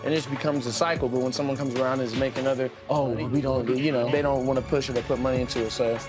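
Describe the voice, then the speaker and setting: A man's voice: medium pitch, fairly even intonation, racing, music in the background. A man speaking earnestly and conversationally about young people's paths.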